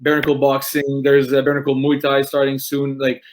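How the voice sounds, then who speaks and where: A man hosts a casual interview, asking questions in halting bursts. He restarts often and fills gaps with "uh" and "you know". His voice sits at an ordinary middle pitch. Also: monotone, a little hiss or hum. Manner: halting, searches for words, many restarts and "uh"s. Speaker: podcast host.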